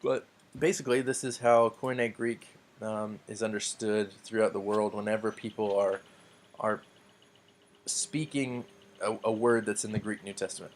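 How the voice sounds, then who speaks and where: A man teaching a recorded lesson in a relaxed, explanatory way, with frequent ums and restarts. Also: fairly low pitch, normal speed. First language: English. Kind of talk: recorded classroom lecture.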